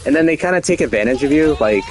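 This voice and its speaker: A man's voice: fairly high pitch, expressive, fast. A man talking casually in a boastful, rambling way, chuckling now and then as he goes. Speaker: show host. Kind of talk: casual monologue.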